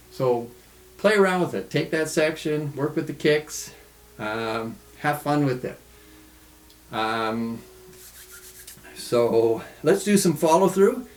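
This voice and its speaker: A man teaching tai chi in a home studio, calmly calling out the steps of a follow-along routine. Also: mid-range voice. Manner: calm, relaxed, calls out steps slowly. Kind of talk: follow-along movement instruction. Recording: echoey studio room.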